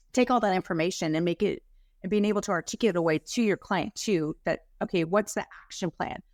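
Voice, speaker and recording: A woman practitioner speaking as an interview guest, excited and fired up, with frequent "like" fillers. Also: on the low side, no echo, studio quality. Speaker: guest health practitioner and educator. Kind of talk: casual interview talk.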